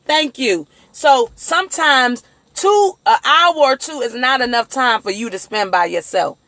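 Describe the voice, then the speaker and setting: A woman hosting a casual motivational livestream on her phone, talking in a rambling, animated way and acting out the voices of people she quotes. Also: high voice, no echo. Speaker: livestream host.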